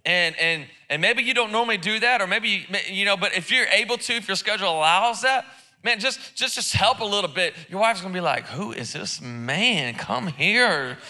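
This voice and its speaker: A man's voice: sits high, brisk, pushed and bright. A man preaching a sermon in church, casual and joking, with lots of repeated words and restarts. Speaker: pastor. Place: church service.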